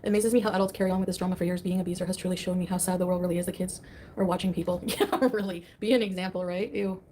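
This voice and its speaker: Fast-talking dismissive woman livestreamer. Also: on the low side, fairly even intonation, warm tone, slight background noise. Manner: dismissive, scoffing. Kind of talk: casual livestream chat.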